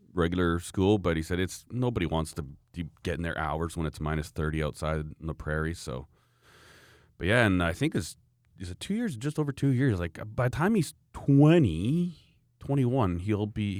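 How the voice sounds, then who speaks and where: A man's voice: sits low, darkish tone, no echo, studio quality. A man, a podcast co-host telling long rambling family stories in casual chat, chuckling often.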